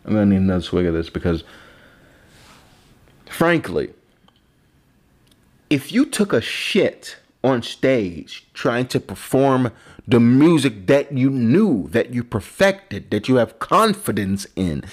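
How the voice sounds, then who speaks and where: A man's voice: mid-range voice, big pitch swings, slow pace. A man, a vlogger and comedian, drinking and rambling in a profane, self-mocking monologue. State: drinking alcohol.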